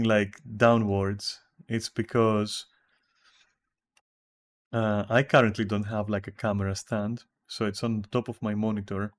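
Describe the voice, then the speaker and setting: A man's voice: on the low side, level tone, a little slow. A man with a Greek accent chatting casually with viewers while streaming a game from home, rambling and swearing casually. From Greece.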